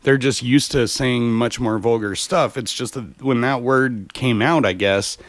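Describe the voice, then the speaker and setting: A man's voice: medium pitch, a little slow, dry recording. Dry-sounding laughing male podcast host. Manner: laughs often, explains at length. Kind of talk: casual chat.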